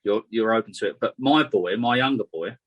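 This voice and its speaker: A man's voice: lowish voice, a little fast, breathy edge, lo-fi sound. A man co-hosting a podcast in casual chat, easygoing and agreeable. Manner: easygoing, agreeable, backs others up. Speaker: podcast co-host.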